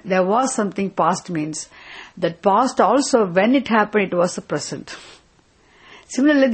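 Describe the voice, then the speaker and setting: A woman's voice: mid-range voice, slightly rough, poor audio. A woman teaching a scripture class, asking questions, repeating her points and checking with "isn't it?". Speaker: spiritual teacher.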